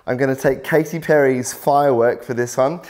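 A man's voice: mid-range voice, fairly even intonation, a little fast, a little mellow. A man teaching singing in an instructional video workshop, explaining in an encouraging way. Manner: encouraging, explains with many "lovely" and "little". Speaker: vocal coach.

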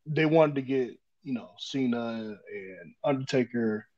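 Man explaining calmly over muffled audio. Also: medium pitch, a little slow. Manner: explanatory, builds his points step by step. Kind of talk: casual wrestling chat.

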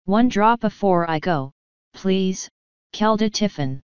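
A woman voicing an ancient fairy clan mother, slow and commanding. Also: medium pitch, animated, smooth, dry recording, highs cut off. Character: ancient tiny Scottish-voiced fairy clan mother, stern.

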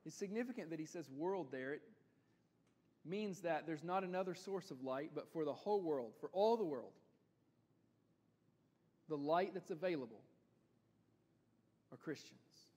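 A man's voice: on the high side, lively intonation, unhurried, pauses often, mellow, breathy edge. A male pastor preaching a sermon in a church, earnest and building to emphatic repetition. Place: church sanctuary. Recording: church hall with long reverb.

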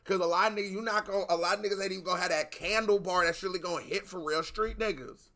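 An American man in casual commentary as a reaction video host, animated and loose with swearing. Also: high-pitched, fast talker. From United States. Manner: animated, swearing, talks over the track.

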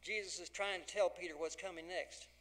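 A man's voice: sits high, fairly even intonation, fairly quick, a bit bright. A man preaching a folksy, dramatic sermon as pastor, acting out the dialogue of the scripture.

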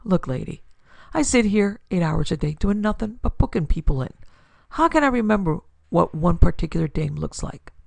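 A woman voicing a gruff, sardonic middle-aged male police sergeant with drawling wisecracks. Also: fairly low pitch, lively intonation, moderate pace, darkish tone, no echo, full character voice. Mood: wry.

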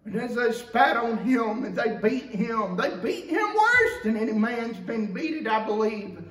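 A man preaching a sermon as pastor in a church, passionate, swinging between loud outcries and low, quiet stretches. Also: lively intonation, measured pace. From Georgia, USA. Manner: impassioned preaching with big swings of pitch and volume. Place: church sanctuary. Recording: echoey church from the mic's distance.

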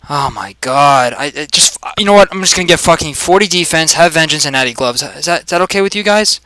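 A young man giving casual gameplay commentary, swearing and joking, swinging between loud excitement and mumbling asides. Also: a little high, brisk, few pauses, dry recording, poor audio. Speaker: video game commentator.

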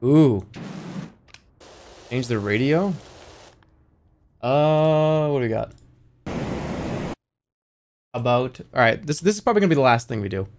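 A man's voice: medium pitch, animated, unhurried, long pauses, a little mellow, a little hiss or hum. Guy streaming a game, rambly and jokey, talking to chat. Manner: jokey, rambling, slips into silly voices. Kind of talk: casual livestream chat while gaming.

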